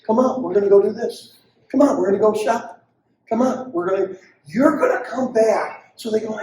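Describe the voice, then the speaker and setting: An older man teaching parents as a pastor, animated and acting out quotes from children and parents, in a church hall. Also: sits high, fairly quick, distant mic. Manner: animated preacher who acts out quotes of kids and parents. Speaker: pastor leading a parenting session.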